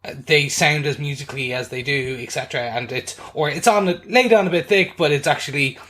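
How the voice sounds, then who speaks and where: Man, fairly high voice, inquisitive podcast co-host. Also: fairly quick, a bit bright. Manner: curious, questioning, playful mimicry. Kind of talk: casual review chat.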